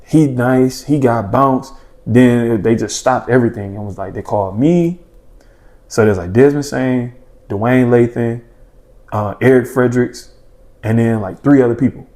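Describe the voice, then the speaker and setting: A young man telling stories on a podcast, easygoing and full of slang. His voice sits at an ordinary middle pitch, and he jumps into the voices of friends and of his younger self as he goes. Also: a little slow. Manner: animated storyteller, acts out his own past thoughts and friends' reactions, slangy. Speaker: podcast guest, former junior college basketball player. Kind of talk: casual storytelling in a podcast chat.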